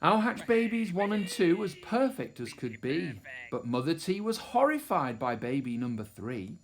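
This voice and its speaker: A man reading a rhyming picture book aloud in a rhythmic, expressive storyteller's voice. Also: fairly high pitch, normal speed.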